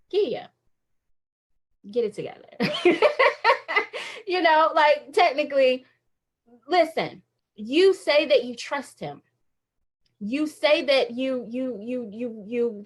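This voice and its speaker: A woman in her thirties giving a candid, emotional inspirational talk on a phone livestream, often laughing as she confides. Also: sits high. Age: 30s. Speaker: faith livestream speaker.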